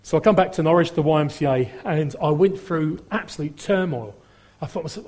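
A middle-aged man shares his testimony in a mellow, husky voice that sits a little high for a man. He rambles with plenty of ums and acts out the voices of people he quotes. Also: brisk. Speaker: testimony speaker. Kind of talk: personal testimony storytelling.

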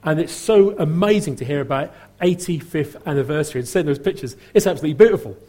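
Man, Norfolk accent, middle-aged, preacher, sermon, chatty and humorous, repeats phrases, slightly husky. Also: on the high side, animated, brisk, warm tone. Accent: Norfolk English. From Norfolk, England.

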